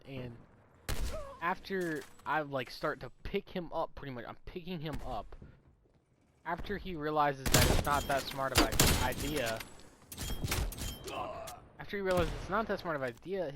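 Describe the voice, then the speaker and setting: A young man telling a story in a casual, profane, animated way while gaming. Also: on the high side, noisy background. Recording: loud game gunfire underneath. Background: video game gunfire and voice lines.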